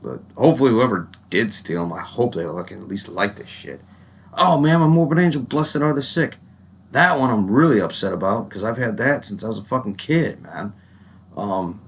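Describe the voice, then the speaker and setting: A man's voice: sits low, a bit bright, breathy edge. A man with a lingering cold, ranting casually and profanely to his viewers, rambling and dropping "man" constantly. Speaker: metal vlogger. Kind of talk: casual rant to camera.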